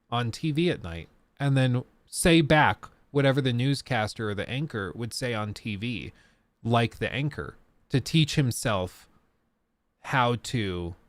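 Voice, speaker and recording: A streamer host in his thirties, from the US South, has a medium-pitched voice with a faint Colorado accent, recorded on a dry close mic with no room sound. His casual chat rambles and interrupts itself as he reads chat aloud.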